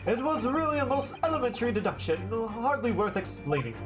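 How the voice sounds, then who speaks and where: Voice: medium pitch, big pitch swings, takes it slowly, pitched above the performer's own voice. A streamer voicing an eccentric, pompous detective with a shaky, put-on British accent while reading a game aloud, with game music behind. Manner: grandiose, theatrical, mock-British.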